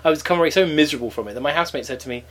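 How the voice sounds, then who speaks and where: A man in casual podcast chat, wry and lively as he tells stories. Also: on the high side, very fast. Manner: chatty, wry, lively storytelling. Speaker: podcast host.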